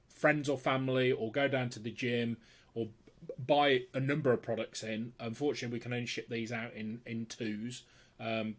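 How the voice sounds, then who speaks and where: A man casually presenting a weekly rundown of trending products, talking off the cuff with lots of fillers, restarts and an upbeat sales manner. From United Kingdom. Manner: unscripted, many fillers and restarts, enthusiastic sales pitch.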